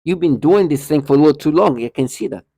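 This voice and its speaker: A man's voice: a little high, animated, fast talker, mellow, slightly rough, no echo. Agitated man ranting, dry close sound. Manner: indignant, repetitive, frequent restarts and stumbles. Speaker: vlogger. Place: indoor building hallway.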